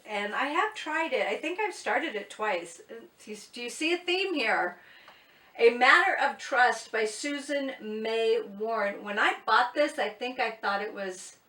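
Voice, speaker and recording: Recorded from a distant mic in an echoey room, this booktuber sounds a little high, her voice pushed and bright. She keeps her book vlog casual, speaking bluntly and making fun of herself as she chats.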